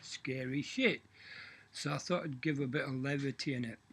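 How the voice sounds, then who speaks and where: A man's voice: medium pitch, moderate pace, a bit bright, a little hiss or hum. A half Irish, half Scottish man casually telling a joke, swearing and folksy. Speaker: joke teller. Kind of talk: casual storytelling.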